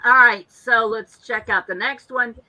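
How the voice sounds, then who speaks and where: A woman's voice: a little high, measured pace, bright, forceful tone, lo-fi sound. A woman co-hosting a casual online chat show, reading viewer comments aloud in a chatty way. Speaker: co-host.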